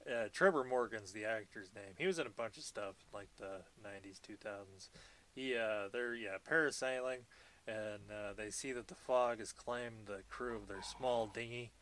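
A man's voice: lowish voice, normal speed, a bit bright, slight background noise. A man co-hosting a casual podcast, recapping a film in a rambling, joking way with frequent swearing. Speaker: podcast co-host. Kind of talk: casual movie recap chat.

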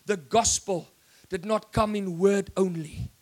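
South African male preacher, high-pitched, fiery and excitable, given to shouting. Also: a little slow. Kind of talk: sermon.

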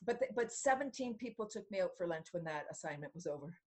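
A woman's voice: fairly low pitch, lively intonation, fast talker, darkish tone. A middle-aged woman from Canada talks as a podcast guest. She tells her stories casually and with a lot of life, laughs often, and acts out other people's lines with plenty of expression. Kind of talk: casual storytelling in an interview.

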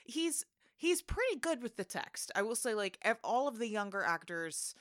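A woman's voice: fairly high pitch, sing-song, normal speed, no room sound. A woman co-hosting a casual movie podcast, telling theater stories with dry, joking asides. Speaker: podcast co-host.

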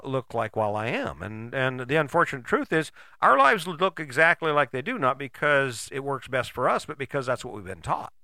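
Man musing in lively rhetorical asides. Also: medium pitch, no room sound. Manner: rambling, conversational, rhetorical questions; mild swearing. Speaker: host. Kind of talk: casual motivational monologue.

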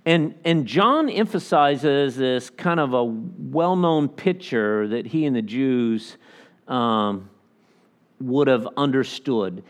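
Taking it slowly in a medium-pitched voice, a pastor gives an animated sermon and voices the people he quotes.

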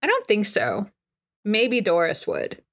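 A woman's voice: medium pitch, wildly swooping pitch, slow pace, creaky. A woman running a tabletop game as game master, chatty and giggly, with many fillers.

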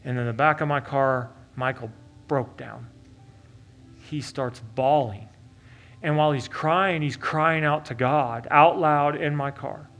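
A male pastor from Oklahoma telling a story in a sermon, animated and swinging from loud to hushed and earnest. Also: mid-range voice, measured pace, faint music behind.

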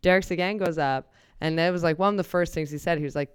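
Woman comedian with a crisp dry voice. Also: on the low side, dry recording. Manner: animated, quick storyteller who acts out the people she quotes. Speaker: comedian guest. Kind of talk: casual storytelling.

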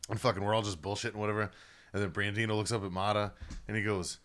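A man's voice: lowish voice, level tone, fast talker, fairly bright tone. A young man hosting a casual podcast, telling a long, profane story with lots of laughing. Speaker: podcast host.

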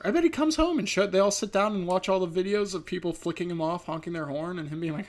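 A man's voice: sits high, fast talker, hardly any pauses. A man hosting a casual comedic rant, profane, rambling and darkly sarcastic.

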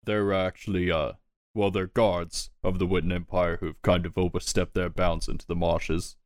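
A man voicing a calm, deep-voiced guildmaster. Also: no echo, clean studio sound, close to an everyday voice. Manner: measured, mildly hesitant. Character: calm male guildmaster on a skull throne.

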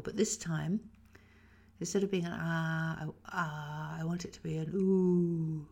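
An English woman guiding a Feldenkrais lesson, speaking slowly and softly with many whispered phrases, her voice tired after a weekend of talking. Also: deep voice, fairly even intonation, gravelly. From England. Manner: slow, soft-spoken guiding with frequent whispered phrases. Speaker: Feldenkrais teacher. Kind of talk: guided movement lesson.

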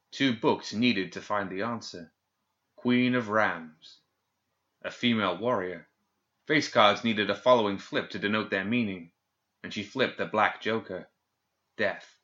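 A man reading a fantasy novel aloud in a steady, measured storytelling manner. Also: on the low side, dull audio. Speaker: audiobook narrator. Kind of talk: scripted fantasy narration.

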